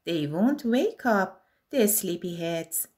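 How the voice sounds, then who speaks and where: A woman's voice: fairly low pitch, animated, takes it slowly, darkish tone. A woman voicing two sly male burglars plotting a theft in a children's story. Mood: scheming.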